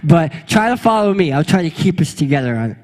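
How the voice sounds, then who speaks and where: A male pastor giving a lively, playful sermon, leading his congregation in a meowing game before telling a story. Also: a little high, quick pace. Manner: playful, energetic, leads the crowd in a meowing game. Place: church sanctuary before a congregation.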